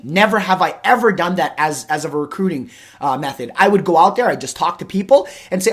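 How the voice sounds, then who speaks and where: A man hosting an interview show, talking in a rambling, animated way and acting out little conversations as he goes. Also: high voice, fast, hardly any pauses. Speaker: host. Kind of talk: casual interview chat.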